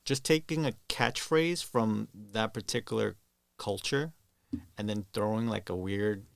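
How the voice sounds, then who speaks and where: A man's voice: fairly low pitch, measured pace, creaky, no room sound, clean studio sound. A man co-hosting a casual podcast, laid-back and blunt as he tells stories. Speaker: podcast co-host. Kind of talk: casual storytelling chat.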